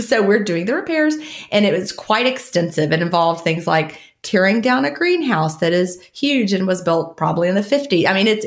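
A woman co-hosting a podcast in casual chat, rambling and laughing often as she talks. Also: lowish voice. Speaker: podcast co-host.

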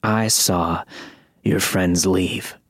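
A man voicing a menacing, gruff male stranger with a gravelly, snarling voice in a spoken horror story. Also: low voice, steady tone, no echo, studio quality, exaggerated voice. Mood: threatening. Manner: slow, threatening delivery.

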